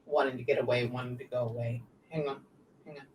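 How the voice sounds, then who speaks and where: A woman working as a psychic medium, relaying messages in quick bursts and often pausing to say "hang on" during a live reading session. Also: very deep voice, fairly even intonation, a little mellow. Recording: echoey room, distant mic, faint background noise.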